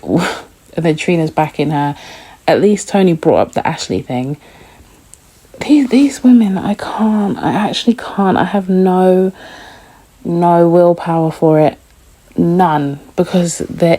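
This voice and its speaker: A woman's voice: low-pitched, mellow. A woman hosting a casual TV recap vlog, blunt and opinionated, swearing freely. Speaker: TV recap host. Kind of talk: casual reaction review.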